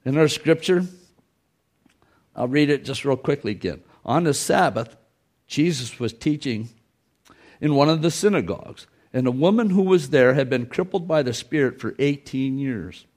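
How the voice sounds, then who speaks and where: A man preaches a Sunday sermon in a church. His voice sits at an ordinary middle pitch, and his delivery is folksy, with repeated phrases and quoted lines acted out for the congregation. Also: animated, normal speed, a little mellow. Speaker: pastor.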